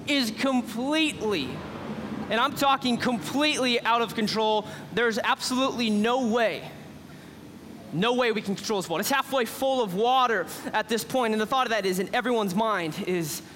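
A man preaching an animated sermon, retelling a story excitedly and acting out the characters. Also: very high voice, slight background noise. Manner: excitable, acts out characters, drops to a hush for drama. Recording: long hall reverb with faint ambience.

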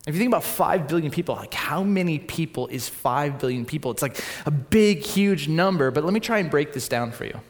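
A man from Southern California preaching a storytelling sermon, acting out voices and swinging from loud to quiet. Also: on the high side, lively intonation, brisk, few pauses, long reverb tail.

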